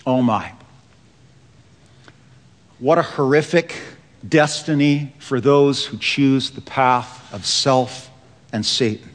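A man preaching a sermon. He slows down and drops his voice low for emphasis. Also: in a large hall. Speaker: pastor.

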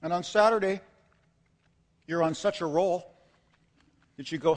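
A man's voice: sits high, measured pace, long pauses. A man preaching a sermon in a church, telling a dramatic story with acted asides and building to impassioned emphasis. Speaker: pastor. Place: church sanctuary. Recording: long hall reverb.

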